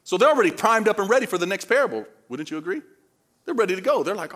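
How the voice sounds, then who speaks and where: A man's voice: sits high, sing-song, racing, fairly bright tone. A man from the Dominican Republic preaching a sermon in a casual, conversational way, often checking in with the congregation through questions. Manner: conversational, asks the crowd questions.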